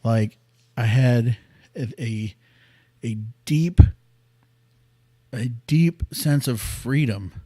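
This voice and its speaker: A man's voice: mid-range voice, extremely slow, long pauses, no room sound. Earnest man rambling into a dry mic. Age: 30s. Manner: rambling, earnest, often drops quiet. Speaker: podcast host. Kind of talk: personal storytelling. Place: small studio room.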